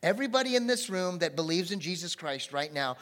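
A man preaching a sermon as pastor, with sudden loud animated bursts. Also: sits high, a little fast. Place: church sanctuary. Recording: long reverb of a church hall.

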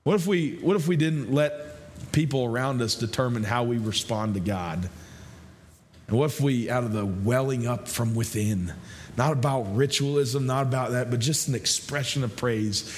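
A man preaching a sermon as pastor, conversational, repeating phrases and slowing down to stress key lines. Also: mid-range voice.

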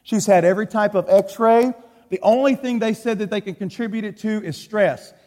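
A man with a Texan accent preaching a sermon, telling a personal story and acting out his own words, going from hushed to shouting. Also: high-pitched, moderate pace. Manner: animated, acts out quotes, swings from hushed to shouting. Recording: long hall reverb.

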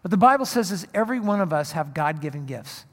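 A man's voice: sits high, expressive, quick pace, long reverb tail. A man preaching a sermon as pastor, earnest and building to emphatic proclamation.

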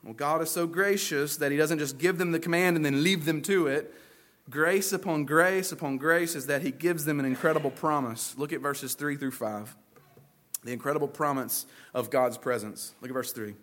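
Guy preaching a sunday sermon, kinda high voice, loose and conversational, folksy asides. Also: moderate pace, a bit bright. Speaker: pastor.

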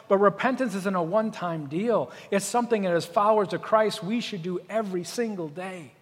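High-voiced pastor preaching in a reverberant hall. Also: male voice. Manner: earnest, swells to forceful emphasis then drops soft. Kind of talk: sermon.

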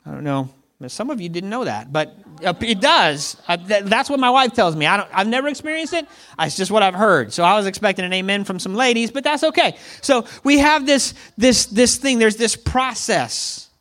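Man preaching, middle-aged, slightly high voice, conversational, calls for congregation responses. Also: lively intonation, moderate pace, fairly bright tone. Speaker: pastor. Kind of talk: sermon.

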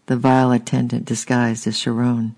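A man's voice: mid-range voice, completely flat delivery, normal speed, a little mellow. A man narrating a storybook steadily and unhurriedly, with small restarts. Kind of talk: audiobook narration.

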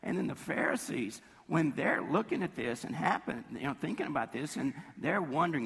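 Hoarse, gravelly male preacher in a reverberant hall. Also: lively intonation, moderate pace, hardly any pauses, fairly bright tone. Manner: conversational storytelling, acts out quotes with jumps in pitch. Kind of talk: sermon.

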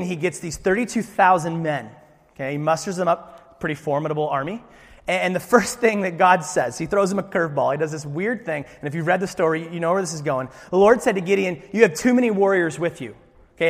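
A man preaching a sermon in a lively, joking way, acting out the voices of the story. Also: high-pitched, in a large hall. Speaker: pastor.

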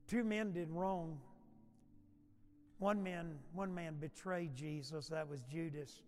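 A male pastor preaching a sermon in a church sanctuary. He is emphatic and repetitive, and he sometimes drops to a soft, quiet voice. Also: fairly high pitch, fairly even intonation, slow pace, long reverb tail.

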